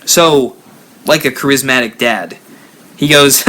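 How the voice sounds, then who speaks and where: A man hosting a live stream, telling a spooky story with lively rises and drops. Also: mid-range voice, unhurried, pauses often. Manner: animated storyteller, rising and dropping for effect. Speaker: haunt builder channel host.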